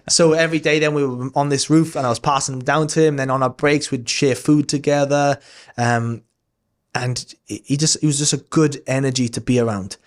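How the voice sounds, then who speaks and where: Candid and relaxed, a thirty-something Welsh podcast guest tells a rambling story full of fillers and offhand cursing. He speaks at a normal speed in a steady tone, his voice at a typical middle pitch for a man.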